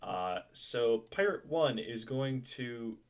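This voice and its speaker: A man's voice: mid-range voice, expressive, takes it slowly, smooth. A young man running a tabletop game as game master, chatty and loose, laughing and swearing casually.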